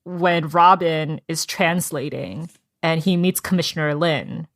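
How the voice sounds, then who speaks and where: A woman with a slightly low voice talks through a book in relaxed podcast chat. She often slips into quoted lines from the characters. The sound is dry and close to the mic. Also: unhurried, no room sound. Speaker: podcast co-host. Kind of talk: casual book club chat.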